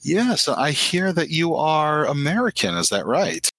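A man's voice: fairly high pitch, sing-song, a little slow, a bit bright, no echo, pitched above the performer's own voice, full character voice. A man voicing a poised, imperious female vampire elder in a tabletop game, speaking in a gracious, gushing way.

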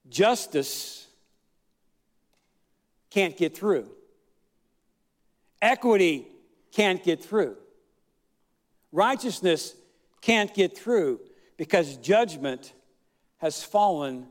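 A male pastor preaching a sermon, telling a story with fillers, drawn-out words and shouted emphasis. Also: high-pitched, lively intonation, long reverb tail.

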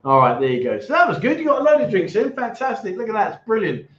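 Livestream host, fairly high voice, jokey and teasing, echoey dull sound. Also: male voice, big pitch swings, fast talker. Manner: jokey, teasing, repeats himself. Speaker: livestream chat show host. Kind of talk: casual livestream chat, reading out viewer donations.

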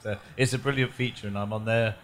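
A man's voice: lowish voice, steady tone, fast. A man from the audience talking eagerly, with giggles through his speech. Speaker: audience member.

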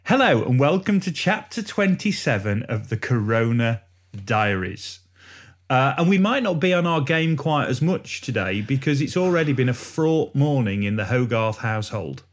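Male host, mid-pitch, friendly interviewer keeping the chat on track. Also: big pitch swings, moderate pace. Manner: friendly, leading the conversation with questions. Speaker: podcast host. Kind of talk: podcast interview.

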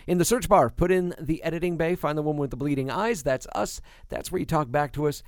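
Higher-voiced man, casual podcast co-host. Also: fast talker, dry recording, clean studio sound. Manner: swears casually, laughs often. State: tired new father.

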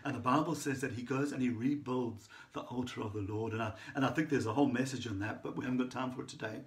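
Enthusiastic preacher. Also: male voice, medium pitch, fast. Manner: enthusiastic, storytelling, frequent restarts and "right?". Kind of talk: sermon.

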